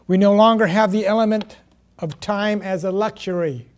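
A man preaching a sermon, reading scripture and stressing key words with pauses. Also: sits high, steady tone. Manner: slow, emphatic preaching with pauses and self-corrections.

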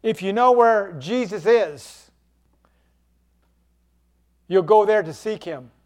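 A man's voice: high voice, expressive, slow, darkish tone, muffled recording. A man preaching a sermon, acting out quoted cries in a dramatic preaching manner.

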